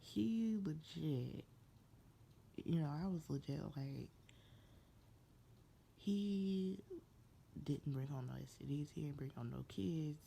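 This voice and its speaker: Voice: mid-range voice, steady tone, a little fast, creaky, few pauses, mellow, a little hiss or hum. A person giving a casual, gossipy recap of a TV episode, slangy and playfully sassy, often breaking into laughter. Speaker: TV show reviewer.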